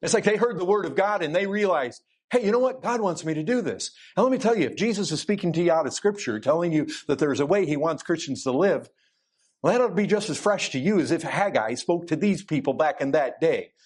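A male preacher in middle age delivers a sermon with a notably high-pitched voice. He speaks emphatically and directly to his listeners, circling back and repeating key words for force. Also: expressive, fast, slightly rough.

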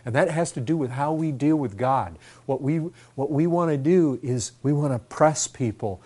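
A man's voice: medium pitch, normal speed, warm tone. A man preaching a sermon, earnest and repetitive, building to fervent emphasis.

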